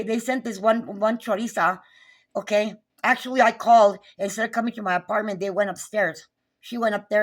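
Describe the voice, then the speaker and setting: A woman, recounting a neighbor dispute in an agitated, profane, repetitive rant. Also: mid-range voice. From New Mexico. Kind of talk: angry recounting vlog.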